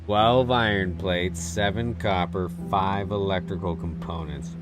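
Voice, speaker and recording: A man streaming a video game rambles to himself with casual commentary, chuckling often, as music plays in the background. His voice sits low, with a steady tone and measured pace.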